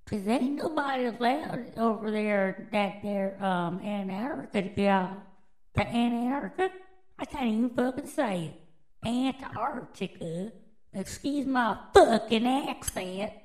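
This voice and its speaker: A woman's voice: mid-range voice, a little slow, darkish tone, poor audio. A woman, hosting a podcast and riffing on news stories in a brash, profane, drawling way. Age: adult, with children. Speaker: podcast host. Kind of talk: casual news commentary.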